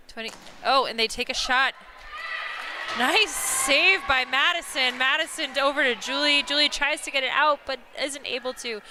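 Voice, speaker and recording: A woman calling live play-by-play, excitable, chatting to online viewers and laughing at big plays. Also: sits high, background noise. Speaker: play-by-play commentator. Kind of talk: live sports commentary.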